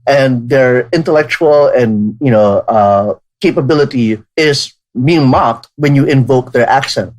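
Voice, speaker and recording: A man in a relaxed podcast chat, with a voice of ordinary middle pitch. He talks at length and keeps thinking out loud, restarting his sentences as he goes. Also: a little slow, few pauses, rough recording. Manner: talkative, thinks aloud with many restarts. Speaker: podcast co-host.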